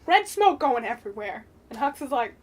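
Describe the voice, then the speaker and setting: A young woman vlogging an excited film review, gushing and animated, swearing casually and breaking into squeals. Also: fairly high pitch, normal speed.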